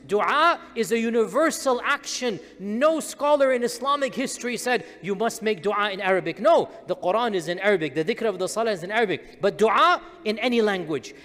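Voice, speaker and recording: A man giving an earnest, emphatic sermon, repeating key phrases and reciting Arabic supplications slowly. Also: high voice, fairly bright tone. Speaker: preacher. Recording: long hall reverb.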